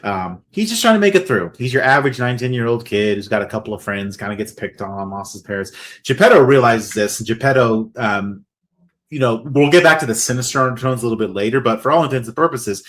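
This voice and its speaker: A man's voice: mid-range voice, animated, fast talker, fairly bright tone. A man co-hosting a podcast, casually recapping a horror movie with lots of restarts and fillers. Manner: rambling, many restarts and fillers. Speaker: podcast co-host.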